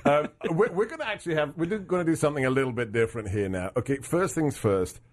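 A man's voice: a little high, animated. Jokey talk radio host man. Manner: jokey, quick asides, laughs often. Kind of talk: casual talk radio banter.

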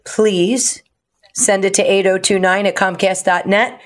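A woman co-hosts a talk radio show and walks listeners through home loan advice. She sounds practical and explains things in a casual way. Her voice sits at a middle pitch. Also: steady tone, a little slow. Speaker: mortgage lender, radio co-host.

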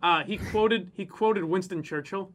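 A man's voice: high-pitched, measured pace, a bit bright, a little hiss or hum. A man co-hosting a casual chat, ranting with plenty of profanity and mocking people in exaggerated voices. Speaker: podcast co-host.

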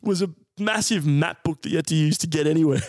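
An Australian man in his twenties telling a funny story on a podcast, animated and laughing as he goes. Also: fairly high pitch, brisk, dry recording, studio quality. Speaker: podcast co-host. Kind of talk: comic storytelling.

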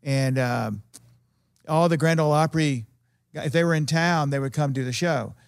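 A man's voice: on the high side, normal speed, gravelly, smooth, no room sound, studio quality. A man, a television producer, telling rambling anecdotes as a guest in a casual interview. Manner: animated, rambling anecdotes with quoted voices.

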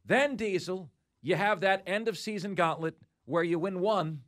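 A man's voice: sits high, moderate pace, a bit bright. A man hosting a sports talk show, emphatically rattling off schedules with mock disbelief.

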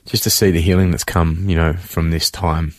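A man speaking earnestly in a radio studio interview, halting with fillers as he gives a heartfelt testimony and reads a letter to his mother. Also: low voice, little pitch movement, no echo. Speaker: interview guest, son of the guest. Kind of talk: emotional testimony, reading a letter aloud.

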